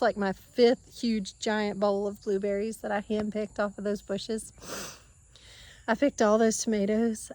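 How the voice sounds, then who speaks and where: A woman's voice: a little high, dry recording. A woman talking in a heartfelt monologue, emotional and gushing, laughing often and restarting her sentences. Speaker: homesteading vlogger. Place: outdoors at a farm orchard.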